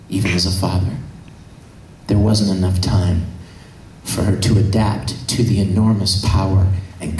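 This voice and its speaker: A man voicing a calm, logical male alien science officer, speaking in a measured, grave way. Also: sits low, voice pushed down. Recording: echoey hall, faint noise.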